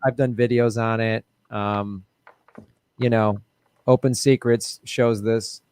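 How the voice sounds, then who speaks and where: A man's voice: fairly low pitch, level tone, takes it slowly, darkish tone, smooth. A man with a nasal Midwestern American accent hosting a casual live stream, wry and joking as he reads viewer comments. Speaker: host.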